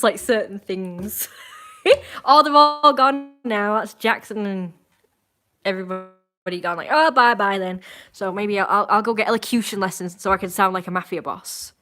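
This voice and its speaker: A woman's voice: medium pitch, fairly bright tone, slight background noise. A young woman, chatting casually and teasing her viewers during a live stream from home. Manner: playful, teasing, rambling. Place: indoors at home.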